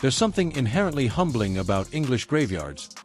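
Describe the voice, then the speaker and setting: A man's voice: medium pitch, very animated, faint music behind. Reflective male documentary narrator. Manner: reflective, measured. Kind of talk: scripted narration.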